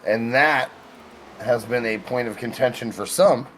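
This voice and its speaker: A man's voice: mid-range voice, measured pace, a crowd in the background. A man calling play-by-play on a live sim racing broadcast, mixing race calls with wry joking asides.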